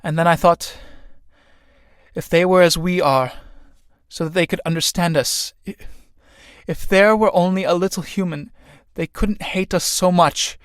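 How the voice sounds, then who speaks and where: A man voicing an earnest young woman who pleads softly and slowly with her husband in a read-aloud play. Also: sits high, fairly even intonation, clear, resonant tone, dry recording, studio quality.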